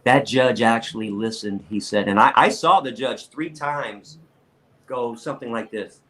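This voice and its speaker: A man guesting on a podcast interview, telling blunt, animated stories and often stammering as he restarts his sentences. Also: mid-range voice, normal speed, low-quality recording. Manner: blunt and outspoken.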